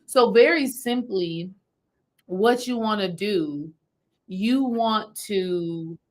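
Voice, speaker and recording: A woman spiritual healing coach speaks very slowly at medium pitch, taking a live audience through a meditation one step after another. It's casual and repetitive, captured in a low-quality recording.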